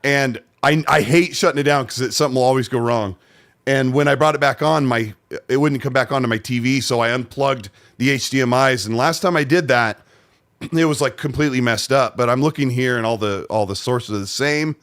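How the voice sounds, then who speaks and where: A man hosts a podcast in casual chat, with a voice of ordinary middle pitch. He speaks in a laid-back way and pauses on "uh" and "um" as he goes. His delivery stays relaxed and unhurried. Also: dry recording, clean studio sound. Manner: laid-back, hesitant, lots of fillers. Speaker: podcast host.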